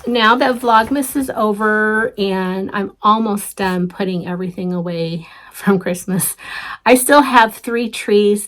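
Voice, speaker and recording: A woman's voice: mid-range voice, a bit bright. A middle-aged woman hosting a casual show-and-tell craft vlog, chatty and rambling, with many ums and restarts. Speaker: flosstube host.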